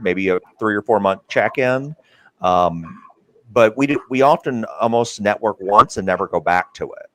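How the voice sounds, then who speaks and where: A man's voice: lowish voice, moderate pace, pushed and bright. A man hosting an interview about careers, talking earnestly with many fillers and restarts. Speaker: podcast host. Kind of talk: interview conversation.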